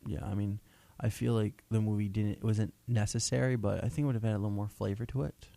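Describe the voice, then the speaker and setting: A young man co-hosting a casual, rambling talk show, playful and quick to laugh. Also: fairly low pitch, steady tone, creaky, warm tone, no room sound. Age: young adult. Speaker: co-host. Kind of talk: casual chat.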